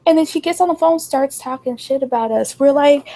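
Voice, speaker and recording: A young woman co-hosting a casual chat, telling a wild story and acting out the people in it with her voice jumping up high. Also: fairly quick, hardly any pauses. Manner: animated, acts out quotes in a raised voice. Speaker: podcast co-host.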